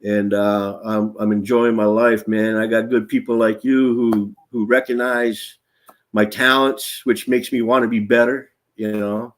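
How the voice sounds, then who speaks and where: Fifties male actor guest, animated raconteur, quotes in voices, salty language. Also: on the low side, unhurried. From Nashville area. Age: 50s. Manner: animated storyteller, acts out quotes, swears freely. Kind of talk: casual storytelling interview.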